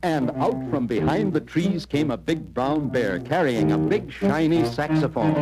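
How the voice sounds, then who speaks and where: A man narrating a children's storybook record in an animated, storytelling manner. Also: mid-range voice, measured pace, few pauses, soft background music.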